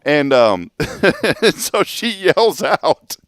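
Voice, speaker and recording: A man in his thirties chatting casually as a show host, telling a family story with lively laughs. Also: a little high, very slow, clean tone, dry recording, clean studio sound. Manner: storytelling, animated, laughs often. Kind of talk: casual chat.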